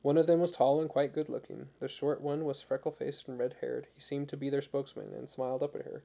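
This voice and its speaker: Man, story narrator, gravelly, dark mellow tone, measured. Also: mid-range voice, fairly even intonation. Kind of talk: audiobook narration.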